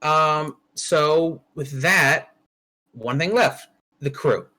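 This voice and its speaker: A man running a tabletop roleplaying session as its game master, speaking in a slightly higher register than most men. He talks casually and bluntly, with frequent swearing, as he works through the rules and hands out experience points. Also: extremely slow, sharp tone, low-quality recording.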